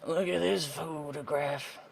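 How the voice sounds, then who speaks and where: A man's voice: fairly high pitch, fairly even intonation, slow pace, gravelly. A young man giving casual gameplay commentary, thinking aloud with sarcastic asides and the odd swear word. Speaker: let's play gamer.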